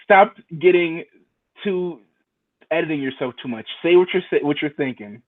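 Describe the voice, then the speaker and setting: A man's voice: a little high, moderate pace. A man hosting a casual chat show, talking bluntly and profanely, often stumbling over and repeating his words. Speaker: show host. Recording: tinny phone-like sound.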